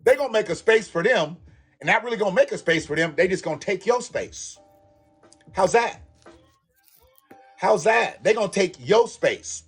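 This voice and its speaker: A man rants angrily, swearing and hammering the same points over and over. His voice sits a bit high for a man. Faint music plays underneath. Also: animated, normal speed, pauses often, breathy edge. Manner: profane, heated, repetitive. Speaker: YouTube commentator. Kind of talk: angry ranting monologue.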